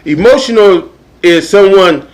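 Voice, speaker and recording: A man sitting on a panel who talks in a rambling way, leaning constantly on the same filler phrase. His voice sits high. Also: measured pace. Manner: rambling, leans on "you know what I'm saying". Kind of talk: casual panel chat.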